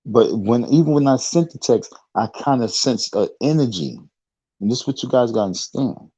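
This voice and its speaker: A man's voice: mid-range voice, lively intonation, normal speed, dark tone, slightly rough, no echo. A man telling a rambling story in a casual monologue, often restarting his sentences. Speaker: online talk show host.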